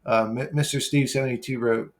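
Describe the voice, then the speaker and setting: Blunt guy cursing a lot, rambling thru comment replies, mid-pitched voice. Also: fairly even intonation, a little fast. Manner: brash, profane, rambling. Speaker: YouTuber replying to comments. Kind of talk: casual vlog comment replies.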